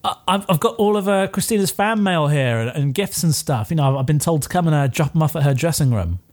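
A man's voice: on the high side, expressive, fast, close to an everyday voice. A man voicing a sly trick-or-treater who is chatty and talks his way past guards with a bluff. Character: cheeky trick-or-treater playing a cute kid.

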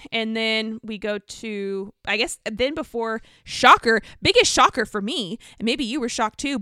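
A woman's voice: medium pitch, a bit bright, smooth, no room sound, clean studio sound. A young woman co-hosting a podcast, chattily recapping an episode of a show with plenty of fillers. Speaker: podcast co-host. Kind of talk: casual chat.

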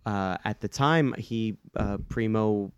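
A man with a lowish, smooth, resonant voice chatting on a podcast. He tells a filmmaking story, quotes people and laughs often. The sound is dry and close. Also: takes it slowly, no room sound, muffled recording. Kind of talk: casual chat.

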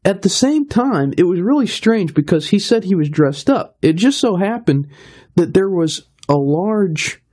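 Man, radio storyteller, fairly high voice, husky, lively anecdotes, laughs often. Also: measured pace. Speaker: radio guest. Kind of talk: animated anecdote telling.

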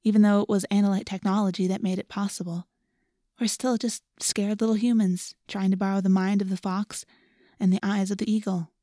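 A woman voicing a gentle, thoughtful teenage girl who speaks softly and reflectively. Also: mid-range voice, level tone, fairly quick, no room sound, studio quality, natural voice. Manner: soft, hushed and reflective.

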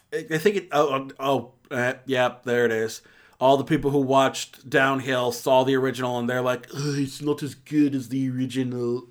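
A man's voice: medium pitch, fairly bright tone. A man hosting a casual movie review chat, rambling and cutting himself off mid-sentence. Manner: rambling, self-interrupting, laughs easily.

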